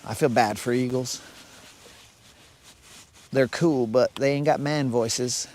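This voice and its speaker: A man's voice: mid-range voice, steady tone, slow pace, a little mellow, slight background noise. A man hosting a live fishing stream from his boat on a lake, chatting casually, joking around and answering his viewers' comments as he talks. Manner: joking, rambling, reads and answers chat. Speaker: fishing livestream host.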